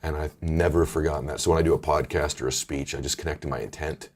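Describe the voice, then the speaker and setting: Very deep-voiced man, earnest storyteller. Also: steady tone, fast talker, darkish tone. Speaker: guest author. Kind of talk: casual interview conversation.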